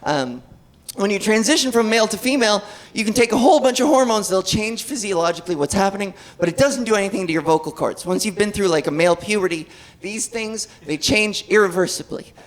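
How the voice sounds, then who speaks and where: Animated wry woman comic on stage. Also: mid-range voice, fast talker. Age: 30s. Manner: wry, self-deprecating, animated. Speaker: stand-up comedian. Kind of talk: live stand-up set. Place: comedy stage before live audience. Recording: live audience laughter in a club.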